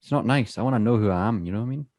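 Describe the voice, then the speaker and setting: A young Scottish man co-hosting a podcast in casual chat, animated and playful, slipping into voices when he quotes people. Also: mid-range voice, rapid-fire, dry recording, clean studio sound. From Perth, Scotland. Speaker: podcast co-host.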